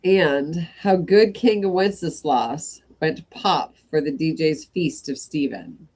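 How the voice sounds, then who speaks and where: Reading stories to a live audience on her evening stream, a woman speaks slowly in a low, slightly mellow voice. She stops between passages to chat with viewers and interjects with apologetic remarks.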